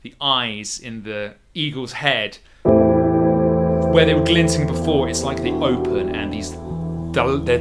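A man narrating a tabletop role-playing game as game master, descriptive and halting, with music behind. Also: mid-range voice.

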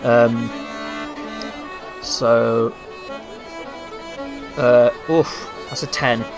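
A man's voice: medium pitch, steady tone, extremely slow. A man playing a tabletop role-playing game, hesitant with many fillers. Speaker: player. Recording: music playing behind.

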